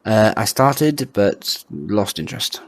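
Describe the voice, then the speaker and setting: A man's voice: fairly low pitch, expressive, slow, dry recording. A man co-hosting a casual podcast chat at home, hesitant and full of stammered restarts. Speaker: podcast co-host.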